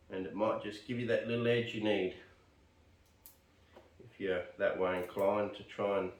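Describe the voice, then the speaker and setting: An Australian man rambling casually while potting plants, muttering and joking at himself. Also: fairly low pitch. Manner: rambling, chatty, self-deprecating, muttering to himself. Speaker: bonsai vlogger. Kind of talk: casual narration while working. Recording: roomy sound, mic at a distance.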